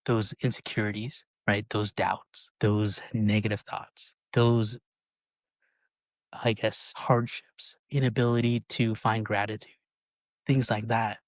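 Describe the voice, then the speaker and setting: A man's voice: on the low side, little pitch movement, slow, no echo. Chatty man with a dry close sound. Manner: conversational, frequent "right?" tags. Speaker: podcast host. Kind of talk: casual podcast chat.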